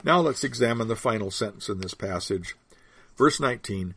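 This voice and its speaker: A man delivers a sermon, walking listeners through scripture in a measured teaching voice. His tone is gravelly and a little husky, recorded close and dry with no room around it. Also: on the low side, animated, a bit bright, no room sound. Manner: measured teaching, slowing on key phrases. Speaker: preacher.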